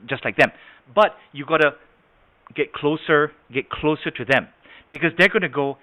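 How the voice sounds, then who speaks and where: A man's voice: fairly high pitch, lively intonation, moderate pace, pauses often. Guy teaching a sales class on a video call, sounds tinny like a phone, keeps asking if it makes sense. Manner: demonstrative, keeps checking understanding with the audience. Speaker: sales trainer. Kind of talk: online training lecture.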